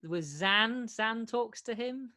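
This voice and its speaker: A man's voice: extremely high pitch, takes it slowly, bright, forceful tone, no room sound. A man co-hosting a podcast in casual chat, rambling with frequent restarts and laughter. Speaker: podcast co-host.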